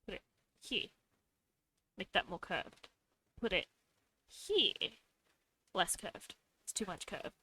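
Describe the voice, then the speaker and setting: Young woman streamer, bright voice, chatting to herself while drawing, silly little noises. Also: mid-range voice, animated, slow, pauses often, a little hiss or hum. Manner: talks to herself while drawing, adds playful sound effects.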